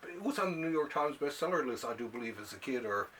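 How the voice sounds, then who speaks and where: A man's voice: mid-range voice, animated, quick pace, a bit bright, a little hiss or hum. A man hosting a casual show about comic books, rambling and often laughing as he talks. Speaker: show host. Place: home library room.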